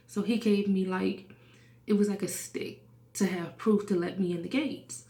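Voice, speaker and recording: A woman's voice: mid-range voice, steady tone, moderate pace, vocal fry, roomy sound. A woman in her thirties telling a personal testimony in an earnest way, sometimes dropping to a whisper. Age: 30s. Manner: earnest, hushes to a whisper at sad moments. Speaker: testimony speaker.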